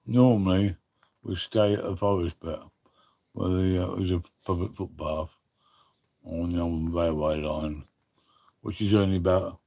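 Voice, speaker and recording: A man's voice: deep voice, mellow. A man chatting casually as a guest, rambling and restarting his sentences. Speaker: guest on live stream. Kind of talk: casual chat.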